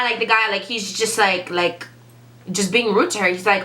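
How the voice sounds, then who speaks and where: A young woman vlogger tells a restaurant story in a casual, chatty way, saying "like" a lot. Her mid-range voice is steady in tone but sharp, at a moderate pace.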